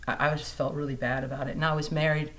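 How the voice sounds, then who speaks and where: A woman blues singer chats in a casual interview, her voice sitting a little low. She tells stories in an animated way and acts out the people she quotes. She is recorded indoors at a music museum. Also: quick pace.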